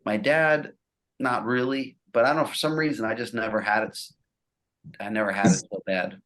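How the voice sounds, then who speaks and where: A man's voice: mid-range voice, steady tone, moderate pace, fairly bright tone. A middle-aged man from the New Jersey and New York area, a guest musician chatting casually on a podcast in a laid-back, sarcastic way that breaks into easy laughs. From New Jersey and New York area, USA.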